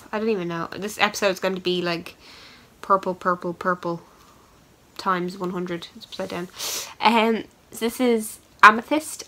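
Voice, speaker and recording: On her knitting podcast, a woman chats loosely while showing yarn, rambling and poking fun at herself with lots of ums and uhs. Her voice is mid-range and a bit bright, and the audio quality is poor.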